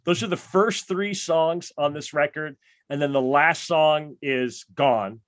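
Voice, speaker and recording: A man hosts a casual podcast chat about records, his voice sitting a little high for a man. He talks with enthusiasm and keeps acting out what people said. The sound is dry and close, with almost no room. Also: slow, no echo. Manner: enthusiastic, animated storytelling with quoted asides. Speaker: podcast host.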